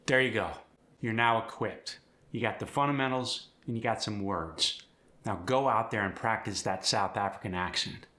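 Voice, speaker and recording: A man teaching an accent, explaining sounds and demonstrating words and sentences slowly, one at a time. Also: fairly low pitch, bright, forceful tone. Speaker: accent coach. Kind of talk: accent tutorial.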